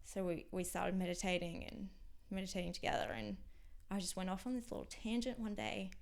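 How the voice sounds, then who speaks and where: Frank and halting, this young Australian podcast guest sometimes lets her words drop almost to a whisper during a candid interview. Her pitch is medium and her delivery flat, with vocal fry.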